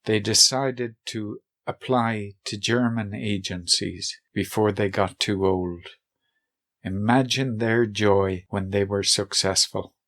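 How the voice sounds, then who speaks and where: Man, host of a workshop video, scripted narration, low voice, unhurried, deadpan.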